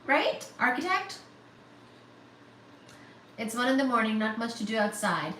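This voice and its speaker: A woman hosting a casual livestream chat, gushing and excitable as she thanks viewers by name for donations. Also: fairly high pitch, fast. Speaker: livestream host. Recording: echoey room, mic at a distance, faint static.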